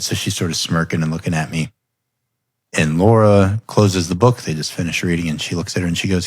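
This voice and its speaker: There's no room sound around this man's low-pitched, slightly rough voice. As a podcast host, he recounts family stories in easygoing conversation, often laughing and becoming steadily more animated.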